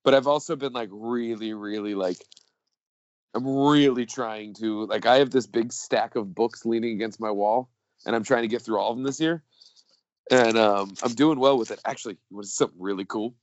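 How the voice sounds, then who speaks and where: A man's voice: medium pitch, brisk, no echo. Rambling, jokey podcast co-host man. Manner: rambling, filler-heavy, jokey. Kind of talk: casual chat. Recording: dull lo-fi dry sound.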